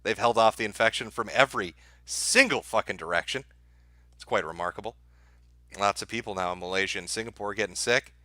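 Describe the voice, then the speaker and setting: A middle-aged man hosting a live stream, his voice bright and forceful. He talks to his chat in a crude, mocking, deadpan way. The sound is dry and close on a desk mic. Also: on the low side, a little fast, no echo. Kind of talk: sardonic live-stream commentary.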